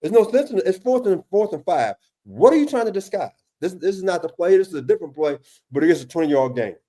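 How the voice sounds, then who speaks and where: A man's voice: sits high, very animated, quick pace, dark tone. A man analyzing game film in a casual talk, emphatic and exasperated, with repeated words and restarts as he questions a play. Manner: emphatic, exasperated questioning, often addresses co-host by name. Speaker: football defensive analyst. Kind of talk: casual film-breakdown discussion.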